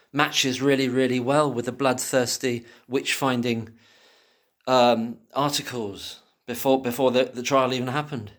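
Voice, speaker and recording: Swearing freely through impassioned solo commentary, a man at medium pitch swings from angry outbursts to hushed muttering.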